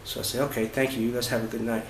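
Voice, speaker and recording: A man vlogging about his travels, recounting events in a casual, halting way with many fillers and restarts. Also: mid-range voice, level tone, gravelly. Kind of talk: casual first-person storytelling. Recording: roomy echo with faint ambient noise.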